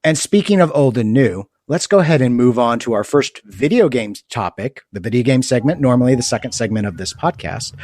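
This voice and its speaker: A man's voice: medium pitch, lively intonation, fairly quick, few pauses, darkish tone, dry recording. A man with a nasal voice, co-hosting a podcast in loose, chatty, self-mocking talk. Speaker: podcast co-host. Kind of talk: casual podcast chat.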